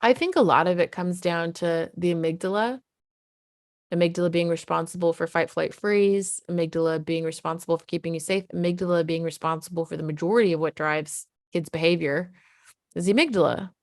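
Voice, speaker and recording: A parenting coach in middle age delivers an earnest, conversational explanation to camera, regularly putting on voices for the people she quotes. She speaks on the low side and a bit quickly. It's a dry, studio-quality recording.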